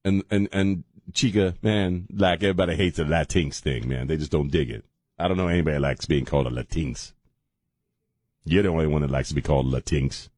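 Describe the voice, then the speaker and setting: A man's voice: rumbling low, steady tone, fairly quick, a little mellow, no echo, studio quality. A man hosting a call-in radio show, joking and laughing often as he gives blunt opinions. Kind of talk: casual call-in radio talk. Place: radio studio.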